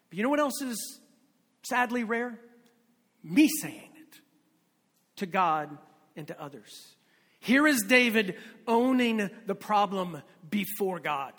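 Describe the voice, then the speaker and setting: A man preaching a sermon as a pastor, telling stories and dropping his voice low and quiet for emphasis. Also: long reverb tail.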